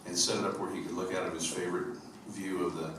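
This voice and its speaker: A man's voice: low-pitched, level tone, fast talker. A man from upstate New York, a singer-songwriter telling humorous, rambling stories between songs on a theater stage. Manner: rambling, humorous storytelling with fillers. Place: theater stage at a live concert. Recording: echoey, distant live theater recording with noise.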